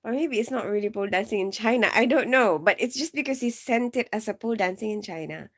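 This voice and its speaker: A woman's voice: a little high, fast. A woman chatting casually on a live stream, giggly and rambling, filling her talk with "like" and "you know". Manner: giggly, keeps bursting into laughter.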